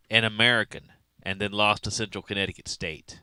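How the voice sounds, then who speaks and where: A man on a sports radio show answering the host in a low-key, dry, matter-of-fact way. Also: fairly even intonation, brisk, pushed and bright, smooth, dry recording. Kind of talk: casual sports radio chat.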